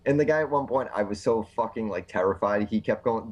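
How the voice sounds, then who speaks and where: A man co-hosting a podcast, telling profane, animated stories with a chesty cough. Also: lowish voice, a little fast. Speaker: podcast co-host. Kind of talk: casual chat.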